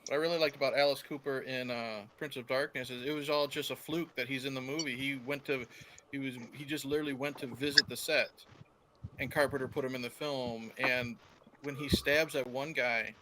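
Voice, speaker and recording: A man in a casual video chat, calmly sharing trivia with a few fillers. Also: mid-range voice, fairly quick, noisy background.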